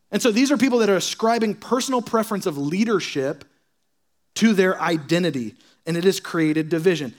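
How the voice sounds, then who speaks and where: A young man with a high voice delivers a casual, joking sermon. He mocks petty quarrels by acting out churchgoers' lines in sarcastic asides. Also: a little fast. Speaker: pastor.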